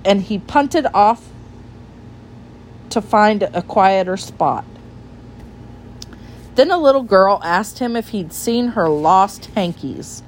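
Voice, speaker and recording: A woman reading a children's storybook aloud in a gentle, unhurried storytelling manner. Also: medium pitch, expressive, slight background noise.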